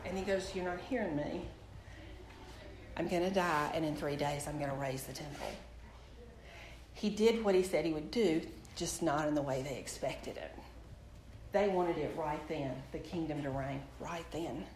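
A woman's voice: low voice, normal speed. A woman, preaching and telling a personal testimony, talking straight to her audience. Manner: storytelling, animated, addresses the audience directly. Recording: echoey room with faint background noise.

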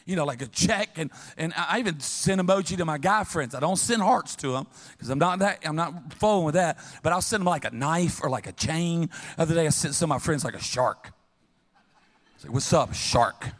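A middle-aged man preaching a sermon as pastor, telling funny stories with lively call-and-response to the congregation. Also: fairly high pitch, fairly quick. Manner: humorous, animated storytelling with call-and-response. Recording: long reverb of a large hall.

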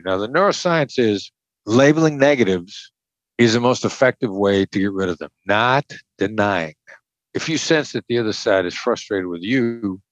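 An older Midwestern man with a fairly low-pitched voice, recorded without echo, talks about his former work as a hostage negotiator. In a conversational interview, he explains his techniques bluntly and emphatically, repeating the key points.

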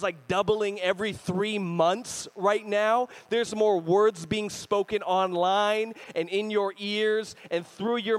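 Energetic young pastor, male, higher voice, preaching with storytelling flair. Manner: energetic storytelling preacher, lively swings in pitch and volume. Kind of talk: sermon.

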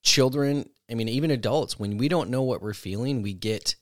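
A man's voice: medium pitch, moderate pace, no room sound, studio quality. A man co-hosting a podcast, talking about parenting in a rambling way and often restarting his sentences. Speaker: podcast co-host. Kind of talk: casual chat.

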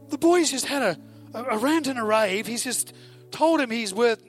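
A man with an Australian accent preaching a sermon, telling the story with animated asides and rhetorical questions to the audience. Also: extremely high pitch, normal speed, faint music behind.

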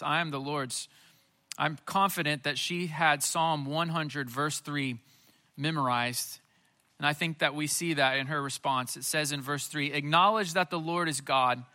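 A man's voice: on the high side, sharp tone. A man preaching a Christmas Eve sermon, earnest and repeating phrases for emphasis. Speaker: pastor.

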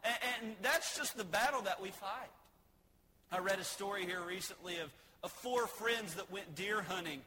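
A man's voice: sits high, moderate pace, noisy background. A man preaching a sermon in a folksy way, joking and asking the congregation questions. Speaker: pastor.

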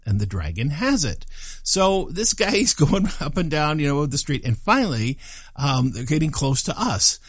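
An older man telling a personal story in an animated, self-deprecating way, with chuckling asides. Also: fairly high pitch, moderate pace, husky, no echo, studio quality.

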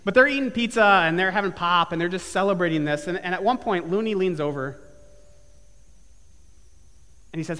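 Casting: a male pastor with a high voice, earnest storyteller, mic'd in a church with long reverb. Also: quick pace, sharp tone. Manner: earnest storytelling, building to emphatic repeated phrases. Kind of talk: sermon. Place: church sanctuary with live and online congregation.

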